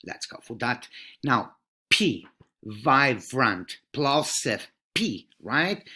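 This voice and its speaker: A man's voice: fairly high pitch, pushed and bright. A man teaching English pronunciation, over-articulating sample words and often checking in with "right?". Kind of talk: pronunciation lesson.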